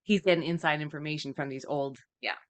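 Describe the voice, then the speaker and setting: Rambling, giggly woman with a low-ish voice. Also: steady tone, fast talker. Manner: rambling, giggly, guessing plots. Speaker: podcast co-host. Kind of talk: casual chat.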